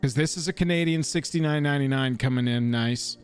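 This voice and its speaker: A man co-hosting a live stream, chatting casually, excitable and slangy with casual swearing. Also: mid-range voice, fairly quick, clean tone, soft background music. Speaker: co-host of a card game live stream.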